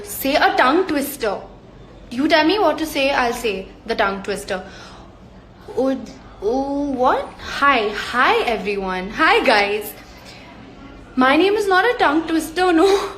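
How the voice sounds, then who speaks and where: A young Indian woman with a fairly high voice chats on a fan live stream, reading comments aloud and laughing easily. Her voice comes from a phone in a roomy, echoing space with a faint hiss behind it. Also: fairly bright tone. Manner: bubbly and chatty, laughs easily, sends hugs and kisses. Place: indoor room away from home, on a work day. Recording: echoey room on a phone stream.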